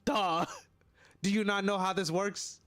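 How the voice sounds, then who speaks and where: A male streamer in casual live-stream chat, excitable and laughing, joking and swearing with his chat. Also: high voice, slow pace.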